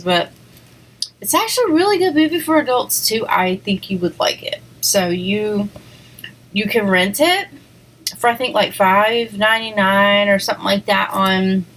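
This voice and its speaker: A woman with a mid-range, slightly bright voice does a mukbang, chatting casually and rambling between bites while little eating sounds come through. The audio is poor.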